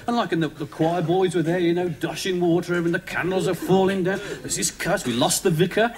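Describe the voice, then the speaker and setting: A man doing stand-up storytelling, excitable, breaking into high put-on voices. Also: brisk, hardly any pauses, a crowd in the background. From England. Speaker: stand-up comedian. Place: theatre stage before a live audience. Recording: live TV stand-up, heavy audience laughter. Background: loud audience laughter.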